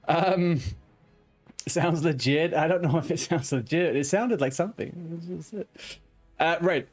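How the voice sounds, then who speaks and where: A man's voice: fairly high pitch, darkish tone. A man streaming a game, chatting casually to viewers, swearing often and restarting his sentences. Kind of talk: casual live-stream chat.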